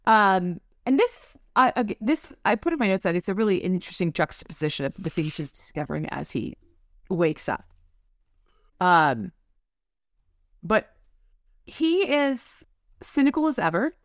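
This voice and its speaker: A woman's voice: medium pitch, very animated, moderate pace, long pauses, no echo, clean studio sound. A woman co-hosting a casual book podcast, laughing often, cursing freely and reading quotes aloud. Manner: giggly, swears freely, reads quotes aloud. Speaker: podcast co-host.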